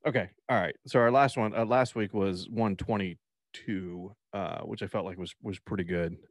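A man's voice: low voice, normal speed. A man co-hosting a casual podcast from a room at home, joking, acting out voices and swearing freely. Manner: animated, mimics people, swears freely. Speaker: podcast co-host. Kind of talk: casual chat.

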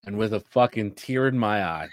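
A man's voice: lowish voice, normal speed, dry recording. A man co-hosting a wrestling podcast, talking in blunt, profane, joking banter. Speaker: podcast co-host.

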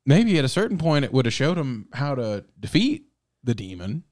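A man's voice: mid-range voice, big pitch swings, normal speed, darkish tone, no echo, clean studio sound. A man hosting a casual movie-review chat who laughs often, swears freely and rambles.

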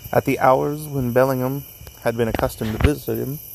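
Gravelly man reading a story outdoors. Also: mid-range voice, fairly even intonation, a little mellow, a little hiss or hum, poor audio. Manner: unhurried reading with small slips it corrects. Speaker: narrator. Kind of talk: reading a classic story aloud. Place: outdoors in a cemetery at night.

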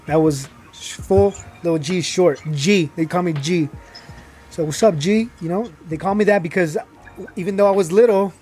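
A young man with a high voice tells his own story in loose, casual talk. He rambles, restarts often and leans on fillers, getting heated at times. Faint music plays behind him. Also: a little mellow. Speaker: guest telling his life story.

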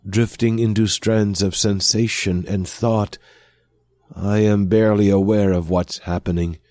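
A man reading a science fiction story aloud as narrator in a slow, even storytelling manner. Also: deep voice, no room sound, clean studio sound. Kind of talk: scripted audiobook narration.

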